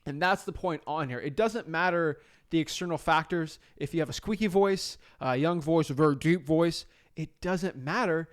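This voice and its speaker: Energetic young man coaching, clear voice. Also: on the high side, normal speed, few pauses. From South Florida, US. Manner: energetic, conversational, frequent fillers and restarts. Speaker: real estate wholesaling coach. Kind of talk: casual instructional talk.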